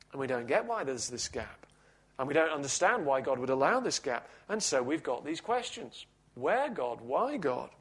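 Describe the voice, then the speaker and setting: A man preaching a sermon in a measured, reflective teaching manner with touches of gentle humor. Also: fairly high pitch.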